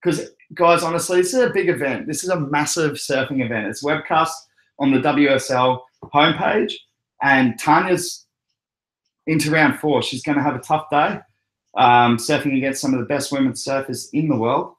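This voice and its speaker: A man's voice: mid-range voice, normal speed, fairly bright tone. Man, young, Australian accent, chatty stream host, laughs often, roomy echo. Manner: chatty, laughs often, reads out viewer comments. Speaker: crypto livestream host. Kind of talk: casual live-chat stream. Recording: echoey room.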